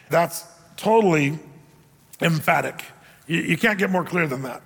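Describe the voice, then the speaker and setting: A pastor's high, fairly bright voice carries through a church hall's long reverb at a moderate pace as he preaches from the stage. He keeps things casual and lightly joking, frequently posing rhetorical questions to the congregation.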